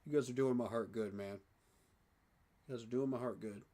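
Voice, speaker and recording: A man talking excitedly in a casual fan reaction vlog, emotional and repeating himself. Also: mid-range voice, brisk. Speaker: sports fan vlogger.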